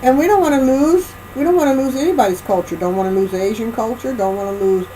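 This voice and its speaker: A woman's voice: fairly high pitch, fast talker, mellow, slight background noise, low-quality recording. Emphatic woman giving a rambling spiritual lecture. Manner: emphatic, repeats phrases and restarts often, checks in with "right?" and "okay?". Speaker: spiritual speaker.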